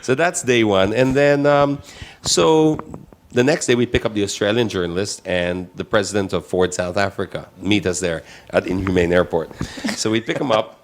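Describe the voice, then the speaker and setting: A man telling a travel story with lively, laughing energy on a casual talk show, acting out voices in the quotes. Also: on the low side, moderate pace, slight background noise. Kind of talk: animated storytelling chat.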